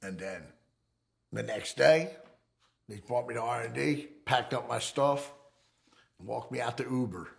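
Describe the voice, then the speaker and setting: A middle-aged man telling his own story in a casual, animated and profane way, acting out the people in it. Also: medium pitch, unhurried, gravelly, pauses often. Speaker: interviewee.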